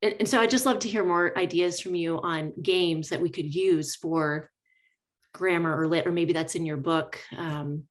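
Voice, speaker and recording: A woman's voice: fairly low pitch, fairly even intonation, normal speed. A woman who teaches middle school boys, asking a workshop question politely, with many hesitations. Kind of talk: audience question. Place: workshop room.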